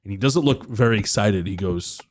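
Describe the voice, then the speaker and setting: A man with a slightly low voice acts as game master for a tabletop game. He describes each scene in casual, chatty detail. A faint hiss of noise sits under his voice. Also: normal speed.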